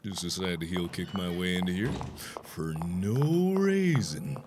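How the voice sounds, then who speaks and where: A young man in his twenties doing jokey horror game commentary, swinging from quiet mutters to excited shouts. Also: deep voice, a little slow, noisy background. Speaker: gaming YouTuber.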